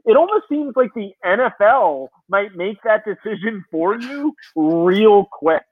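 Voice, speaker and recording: A man's voice: sits high, animated, measured pace, dry recording. A man co-hosting a sports podcast, ranting in casual, profane chat. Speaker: podcast co-host. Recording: tinny phone-like line.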